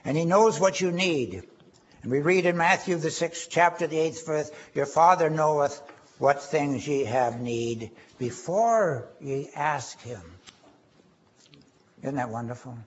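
A man preaching a sermon, quoting scripture and rising in pitch and force on key phrases. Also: animated, unhurried. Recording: dull lo-fi recording.

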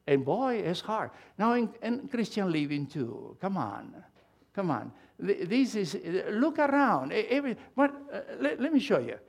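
High-voiced emphatic male preacher. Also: gravelly, husky. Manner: emphatic, animated, swings from loud to hushed; halting restarts and repeated words. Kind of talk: sermon.

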